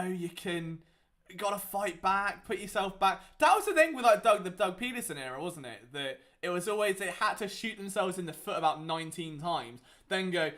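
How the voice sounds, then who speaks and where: Hosting a sports watchalong, a young man narrates a live game with sarcasm and exasperation, lurching between loud outbursts and low mutters. For a man, his speaking voice sits fairly high.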